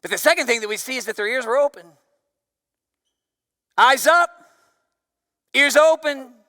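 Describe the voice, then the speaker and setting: High, bright-voiced man preaching a sermon. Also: measured pace, no room sound, clean studio sound, in a large hall. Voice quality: loud voice. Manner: preaches with big swings from loud emphasis to near-whisper. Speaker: pastor.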